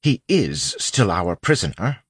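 This is a blunt officer who wants to hear every word, in an audiobook, put on by a man. His voice sits well above the narrator's and lands hard. It is dry and slightly breathy. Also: sits low, very animated, measured pace, no echo, voice pushed up, exaggerated voice. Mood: demanding. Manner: demanding, blunt. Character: gruff, demanding male constable chief.

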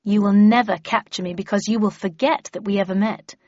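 A woman's voice: mid-range voice, steady tone, a little fast, a little mellow, dry recording, highs cut off, lightly acted. A woman voicing a smug, sneering female villain who erases memories, in an audiobook reading. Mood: mocking. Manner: sneering, mocking, cold.

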